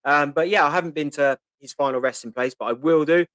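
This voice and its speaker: A man's voice: fairly high pitch, fairly quick, a bit bright, dry recording. Chatty Portsmouth-accented man in his fifties. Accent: Portsmouth (Pompey). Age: 50s. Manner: chatty, answers viewer questions, reads comments aloud with many ums. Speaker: host. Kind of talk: casual live-stream Q&A.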